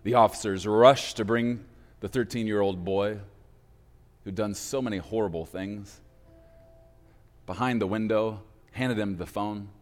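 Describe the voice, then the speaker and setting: A male preacher telling a story in a sermon, with dramatic pauses and slowing for emphasis. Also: lowish voice, steady tone. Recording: reverberant hall with faint music.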